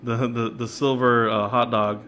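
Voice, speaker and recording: A man's voice: medium pitch, level tone, unhurried, sharp tone, a little hiss or hum. A man in casual podcast chat, telling playful stories with frequent stammered restarts. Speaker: podcast co-host.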